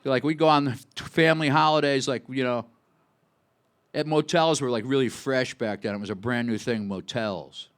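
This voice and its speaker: A man's voice: medium pitch, steady tone, moderate pace, clear, resonant tone, a faint crowd. Rambling man in his 60s telling a story. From Buffalo, New York. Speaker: singer-songwriter. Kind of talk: onstage storytelling between songs. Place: live music club stage.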